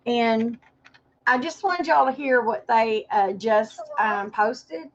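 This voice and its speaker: A woman's voice: on the high side, slow pace. A woman chatting on a livestream, rambling and apologetic as she talks to viewers by name. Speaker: livestream host. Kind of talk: casual livestream chat. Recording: dull lo-fi livestream audio.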